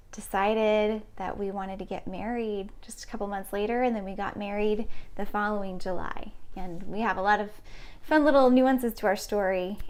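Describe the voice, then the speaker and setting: A woman in her late twenties chatting casually with her live-stream viewers between piano pieces, reading out and answering chat comments. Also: medium pitch. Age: late 20s.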